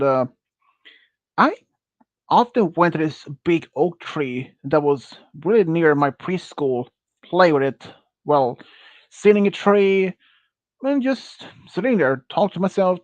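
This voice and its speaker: A Swedish-accented man chats with friends on a stream, rambling and halting as he corrects himself. His voice sits a little high. The recording is dry and a bit muffled. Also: dry recording. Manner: rambling, halting, self-correcting, laughs often. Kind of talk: casual chat with friends. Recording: muffled dry close mic.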